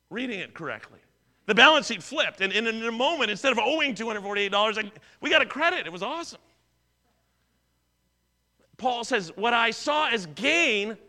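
A middle-aged man gives a sermon in a high, bright voice. He talks in an easy, conversational way, weaves in stories from his own life, and often stumbles and repeats words as he goes. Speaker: pastor.

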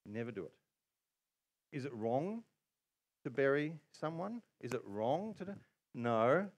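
A man preaching a sermon, animated, often acting out quotes in other voices. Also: mid-range voice, a little slow. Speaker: pastor.

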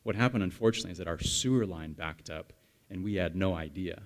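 Male pastor, 30s, lowish voice, relaxed storytelling sermon with asides to the room. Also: fast talker. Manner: chatty storytelling with the congregation, animated asides. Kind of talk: conversational sermon.

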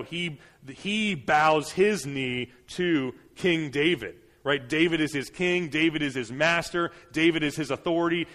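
A man's voice: on the high side, fairly bright tone. Man preaching in a reverberant hall. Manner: conversational, many fillers and restarts, builds to emphatic preaching. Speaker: pastor. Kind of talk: sermon.

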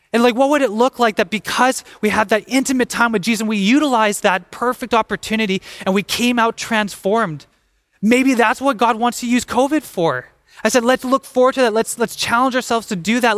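A young adult man preaching a sermon as pastor, animated and acting out the voices of the people he talks about. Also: high voice, dry recording.

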